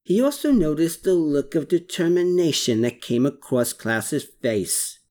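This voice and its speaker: An audiobook narrator reading a story chapter with expressive delivery. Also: mid-range voice, a little slow. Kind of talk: scripted narration.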